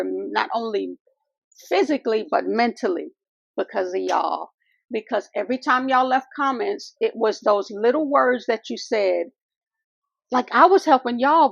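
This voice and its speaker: Woman vlogger, heartfelt and devout, gravelly voice on a dry, lo-fi recording. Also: fairly high pitch, no echo. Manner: earnest, faith-filled, addresses viewers as y'all and honey. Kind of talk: heartfelt casual vlog talk. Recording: dull lo-fi dry sound.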